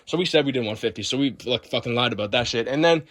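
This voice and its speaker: A young man vlogger telling a story in a loud, profane, boisterous way, acting out the scenes as he goes. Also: medium pitch, fast. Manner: boisterous, swears constantly, acts the story out.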